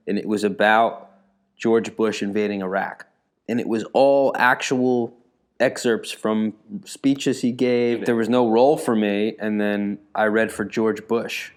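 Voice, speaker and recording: Animated storytelling guy comedian. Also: fairly low pitch, clear, resonant tone. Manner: animated storyteller, jumps into quick character voices. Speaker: guest comedian. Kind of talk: casual comedy chat.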